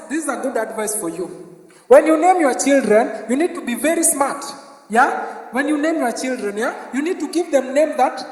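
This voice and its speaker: Kenyan stand-up comic, high-pitched, picked up from a distance in an echoey open-air spot with a crowd murmuring. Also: male voice. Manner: punchy, keeps asking the crowd "yeah?". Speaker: stand-up comedian. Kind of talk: stand-up comedy to a live crowd. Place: outdoor park show.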